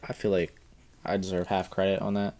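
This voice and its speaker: A young man chats easily as a podcast guest. His voice sits low with plenty of gravelly fry, and he talks slowly and unhurriedly. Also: completely flat delivery, a crowd in the background. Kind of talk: casual podcast chat.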